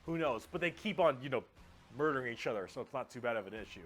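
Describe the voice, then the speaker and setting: A man hosting a reaction video with excitable, profane and goofy casual commentary. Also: mid-range voice, fast talker.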